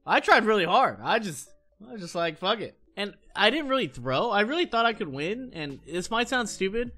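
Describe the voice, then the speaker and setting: A man's voice: high voice, very animated, sharp tone, faint music behind. A man in his thirties ranting heatedly in casual chat on his stream, swearing often and restarting his sentences. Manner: heated, profane, fast rambling with many restarts.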